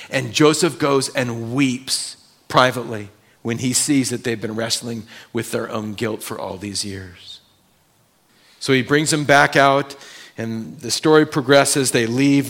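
A male pastor preaching a sermon in a church, swinging between loud emphasis and hushed tones. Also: medium pitch. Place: church sanctuary.

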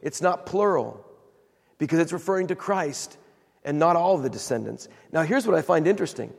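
A man preaching a sermon as pastor, telling a Bible story with animated retellings of the quoted voices. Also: on the high side, normal speed, gravelly, long reverb tail.

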